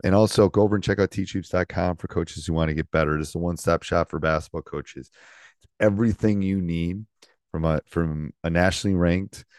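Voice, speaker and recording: Middle-aged coach guy, really deep voice, dry close mic, rambly and upbeat. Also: steady tone, brisk, a little mellow, no echo. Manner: upbeat, rambling with fillers and laughs. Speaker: podcast host and basketball coach. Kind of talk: casual coaching chat.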